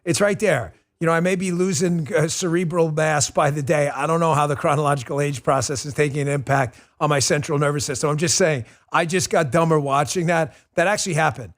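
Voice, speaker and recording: Brief: forty-something male show host, blunt and emphatic, live-stream commentary, slightly high voice. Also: a little fast, hardly any pauses. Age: 40s.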